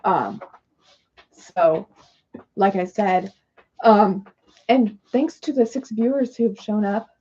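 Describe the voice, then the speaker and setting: A woman's voice: mid-range voice, lively intonation, slow pace, pauses often, warm tone, husky, dull audio. A woman hosting a casual livestream, chatting in a rambling, apologetic way while she works through oracle cards. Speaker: livestream host doing oracle card readings.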